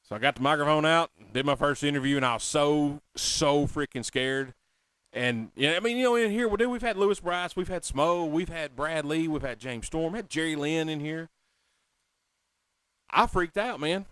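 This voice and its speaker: A man hosting a casual talk show, telling a story in an animated, excitable, self-mocking way. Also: fairly high pitch, moderate pace, smooth, no echo. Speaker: podcast host.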